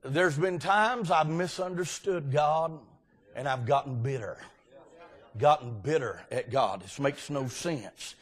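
A man preaching a folksy revival sermon as a guest preacher, often breaking into shouts. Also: on the high side, takes it slowly, breathy edge. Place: church sanctuary.

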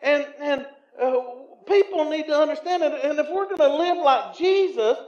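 A Southern American man preaching a sermon as pastor, swinging from loud emphatic lines to quiet, low asides, in a church sanctuary. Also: normal speed. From Tennessee. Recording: echoey, slightly muffled church recording.

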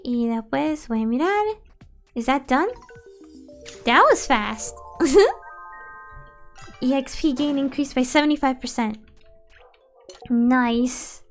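High-voiced bilingual woman gaming streamer. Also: takes it slowly, pauses often. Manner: chatty, switches between English and Spanish, excitable outbursts. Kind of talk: casual gaming stream chat. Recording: faint background music.

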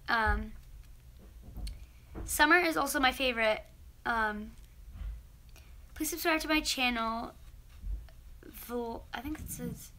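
A woman's voice: on the high side, pushed and bright, slight background noise. A teenage girl vlogger opening fan mail, chatty and gushing as she reads letters aloud. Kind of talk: casual mail-opening vlog.

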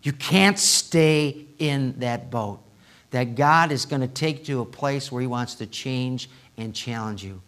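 A male pastor preaching a sermon in a church, swinging from hushed asides to loud, impassioned appeals. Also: mid-range voice, a little slow. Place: church sanctuary.

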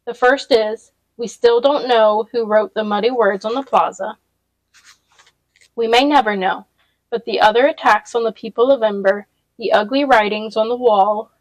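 A woman's voice: dry recording, close to an everyday voice, poor audio. A woman reading as a solemn town leader. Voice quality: deep with a slight quiver. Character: grave middle-aged woman town leader.

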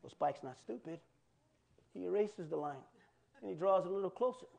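A pastor preaching a sermon in a loose, colloquial way, with asides and questions to the congregation. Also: male voice, high voice, expressive, moderate pace, creaky, darkish tone, highs cut off.

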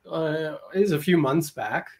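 A man's voice: on the high side, measured pace, a little mellow. A man co-hosting a casual chat in a laid-back way, laughing easily and using lots of fillers. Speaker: co-host.

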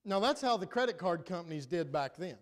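A high-voiced male pastor preaches from the pulpit of a church. He swings from loud, stressed lines to quiet, confiding asides. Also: expressive, brisk. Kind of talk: preaching a sermon. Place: church sanctuary.

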